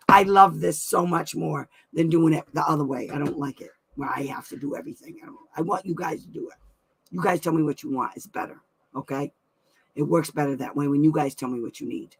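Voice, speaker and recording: Middle-aged woman host, chatty and effusive, with a gravelly voice on a casual live stream. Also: deep voice, a little fast, a bit bright. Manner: chatty, effusive, laughs often. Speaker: host of a weekly live advice show. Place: at home.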